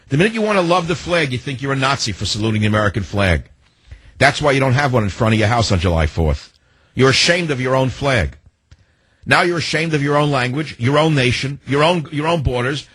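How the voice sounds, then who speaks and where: Husky-voiced guy ranting on his radio show, firing off questions, dry close studio sound. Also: medium pitch, fairly bright tone, no echo. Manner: combative and ranting, with rhetorical questions. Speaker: talk radio host. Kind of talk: talk radio monologue.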